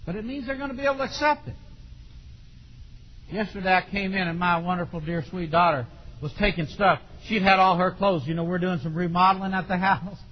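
A middle-aged man preaching a sermon in a folksy, animated way, with sudden shouts. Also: high-pitched, fairly quick. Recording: dull lo-fi recording in a long-reverb hall.

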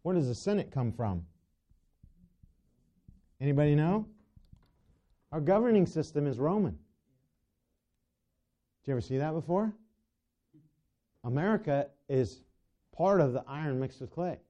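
An expressive, fairly high-pitched male preacher takes his time with the sermon, pausing often. He throws rhetorical questions at his congregation while stumbling and restarting his sentences, and the recording sounds dull and lo-fi.

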